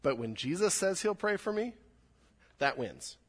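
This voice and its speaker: A man's voice: high voice, sing-song, a little slow, slightly rough. A male pastor giving a sermon in a church, earnest and conversational, often repeating words for emphasis. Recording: long hall reverb.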